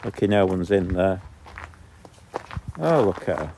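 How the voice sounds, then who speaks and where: A man with a low voice, vlogging while walking his dog along a canal and ranting indignantly between remarks to the dog. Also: animated, measured pace, darkish tone, slight background noise. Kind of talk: casual outdoor vlog ranting. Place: outdoors on a canal towpath. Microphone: handheld camera.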